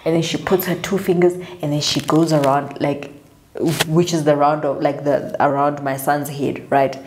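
A South African woman with a low, deep-set voice tells her story casually and with lively energy, slipping into the voices of the people she quotes. The room around her is noticeably echoey. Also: normal speed, a little hiss or hum. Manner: animated, chatty, acts out others' lines. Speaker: vlogger.

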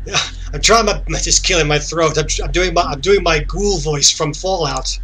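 A man's voice: a little high, normal speed, sharp tone, a little hiss or hum. A young man chatting casually and rambling as he plays a game. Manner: chatty, rambling, self-interrupting. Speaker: gamer. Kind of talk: casual gameplay commentary.

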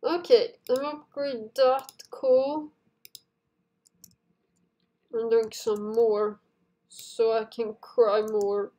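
A woman's voice: a little high, fairly even intonation, extremely slow, pauses often, mellow. A woman hosting a casual gameplay video, chatting to viewers and giggling often as she plays. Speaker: gaming video host.

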